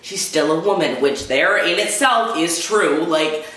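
Young person ranting to camera, frustrated and swearing, sharp voice, lots of room echo. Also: mid-range voice, expressive, measured pace, hardly any pauses. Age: young adult. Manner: frustrated, swearing, talks in bursts. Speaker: vlogger. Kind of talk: angry vlog rant. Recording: very echoey room.

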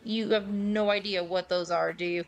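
A woman streaming a game with friends, telling stories in an excitable, animated way and swearing freely. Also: mid-range voice, normal speed, faint music behind. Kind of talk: casual gaming chat.

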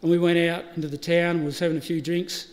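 Speaking quickly in a fairly high, level voice, a middle-aged Australian man shares humorous stories during a eulogy, laughing and performing the lines of dialogue. The setting is a funeral service hall with reverberation and a faint background hum.

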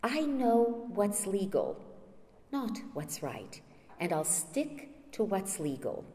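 A woman's voice: medium pitch, big pitch swings, slow, dark tone, voice pushed up. A woman reading as a stubborn principled statesman. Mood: firm. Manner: read aloud as a quoted scene, earnest. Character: principled older male statesman, calm and stubborn. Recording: reverberant lecture hall.

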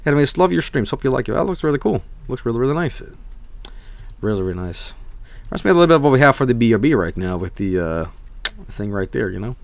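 Young guy rambling on stream, cursing n laughing, bouncy pitch, dead dry mic. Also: fairly bright tone, dry recording. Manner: rambling, swears a lot, laughs often. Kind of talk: casual stream chat.

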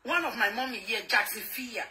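A woman speaks in a recorded voice message, and her tone is cutting and quarrelsome. Her voice sits fairly high and sounds bright and sharp. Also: lively intonation, normal speed.

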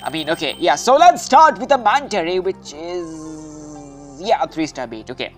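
A woman giving casual gameplay commentary, excitable and anxious, often calling out "dude". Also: low voice, normal speed, faint music behind. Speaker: gaming video host.

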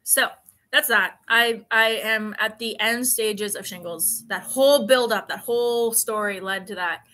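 A woman's voice: fairly high pitch, a little slow, pushed and bright, slight background noise. A woman in her late twenties chatting casually on a live stream, telling rambling stories with plenty of fillers. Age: 20s. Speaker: vlogger.

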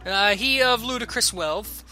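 A man's voice: high-pitched, a little slow, sharp tone, soft background music, exaggerated voice. A man voicing a pompous, vain male nobleman in a game, speaking in a grand, theatrical way. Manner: grand, theatrical and self-important.

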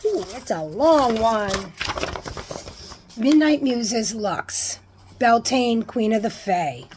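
A woman with a slightly high voice talks casually to her camera at home, gushing and excitable as she pulls things from a box. She swears freely and breaks into loud delight. A faint hiss sits under the recording. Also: slow. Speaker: unboxing vlogger. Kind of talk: casual unboxing chat.

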